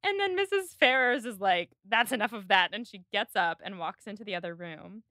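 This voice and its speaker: A chatty woman hosts a podcast, her voice bright and clear. She recaps scenes in a casual flow, sometimes slipping into quoted lines. The sound is dry and close, with no room behind it. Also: mid-range voice, very animated, brisk, dry recording. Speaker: podcast host. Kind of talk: casual chat recapping a period drama.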